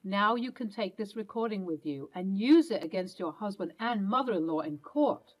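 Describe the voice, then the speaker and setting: A woman's voice: medium pitch, lively intonation, moderate pace, close to an everyday voice, rough recording. A woman voicing a kind, protective older grandmotherly woman who soothes and reassures in a motherly way. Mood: tender.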